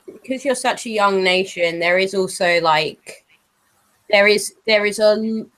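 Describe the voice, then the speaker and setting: A woman in a casual group chat, hesitant and halting with many fillers. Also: mid-range voice, fairly bright tone, poor audio. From Britain.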